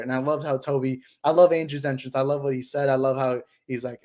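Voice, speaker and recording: A young adult man hosting a casual movie discussion livestream, excited and rambling, with lots of fillers. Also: medium pitch, fast, hardly any pauses. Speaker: channel host.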